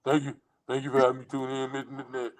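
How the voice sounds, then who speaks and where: A man putting on the voice of a huge, slow-talking male basketball star, mumbling and halting. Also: mid-range voice, monotone, background noise, pitched below the performer's own voice, natural voice. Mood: drawling.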